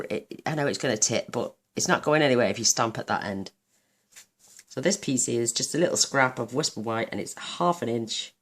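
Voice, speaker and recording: A woman hosting a card-making tutorial, chatting enthusiastically while she works, her voice a little croaky. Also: very deep voice, fairly bright tone, a little hiss or hum. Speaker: craft channel host.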